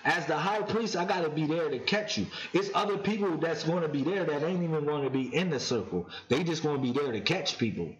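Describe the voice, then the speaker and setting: A man giving a casual spiritual talk on his vlog, slowly chanting sacred names and speaking with excited emphasis. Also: fairly high pitch. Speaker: vlogger. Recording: echoey, dull lo-fi room sound.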